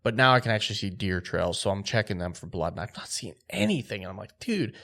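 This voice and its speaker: A man telling a hunting story on a podcast, animated and acting out quotes. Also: sits low, quick pace, gravelly. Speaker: podcast host.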